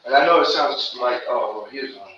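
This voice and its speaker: A man's voice: mid-range voice, fairly quick, pushed and bright. Distant, echoey man giving earnest testimony. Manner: earnest, rambling, slangy with "bro" and "man". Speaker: recovery meeting speaker. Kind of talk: personal testimony. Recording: distant, echoey, muffled room recording with noise.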